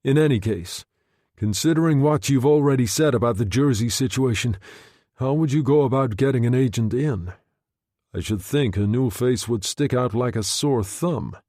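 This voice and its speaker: A man's voice: mid-range voice, moderate pace, mellow, no room sound, clean studio sound, close to an everyday voice. Man voicing an agitated commanding general. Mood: grave.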